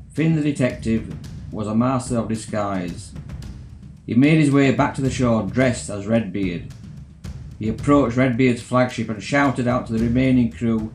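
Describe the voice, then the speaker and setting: Guy reading a kids' adventure story, steady and even, mid-pitch, echoey room. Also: normal speed, soft background music. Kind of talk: scripted narration.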